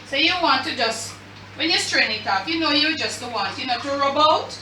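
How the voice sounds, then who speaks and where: A woman's voice: sits high, animated, normal speed, pushed and bright, echoey room, far from the mic, a little hiss or hum, rough recording. A woman with a Jamaican accent hosting a cooking demonstration, talking chattily to her viewers as family while she works at the stove. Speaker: cooking show host. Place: home kitchen.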